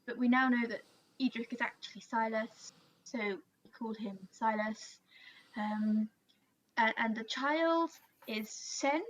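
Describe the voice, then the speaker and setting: A woman playing a tabletop game in character, hesitant and halting with many fillers, on a dull lo-fi mic. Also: on the high side, slight background noise. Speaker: player.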